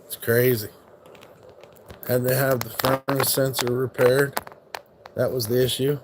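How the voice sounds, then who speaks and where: A man's voice: medium pitch, little pitch movement, measured pace, noisy background. A man casually chatting on his live stream at home, swearing freely and teasing his dog about its food. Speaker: livestream host.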